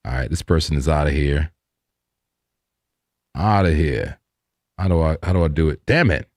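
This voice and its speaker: A man's voice: very deep voice, lively intonation, normal speed, a little mellow, no room sound, studio quality. A man hosting a live trading stream, talking casually in a hyped, slangy way to his chat. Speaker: livestream trading host.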